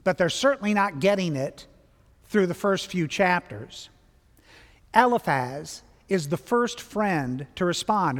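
A man's voice: high voice, big-room sound. A man giving a Bible lesson in a sermon style, with wry joking asides. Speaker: Bible teacher.

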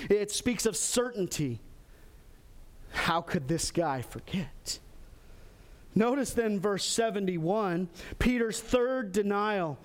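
A pastor preaching a sermon, animated, acting out quoted lines with sudden jumps in pitch. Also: male voice, slow pace, long pauses. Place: church in Texas.

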